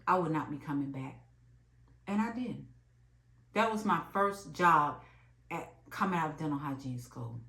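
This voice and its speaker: Woman late 30s, bright voice, emphatic storytime vlog, echoey room. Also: low-pitched, normal speed, pauses often. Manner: animated, emphatic storytelling with repeated phrases. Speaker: vlogger. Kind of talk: storytime monologue.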